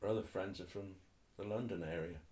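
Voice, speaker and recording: Thoughtful older man, lowish voice. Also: brisk, a little mellow. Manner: thoughtful, hesitant, restarts often, uses tag questions. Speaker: interviewee. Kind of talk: reflective oral-history interview.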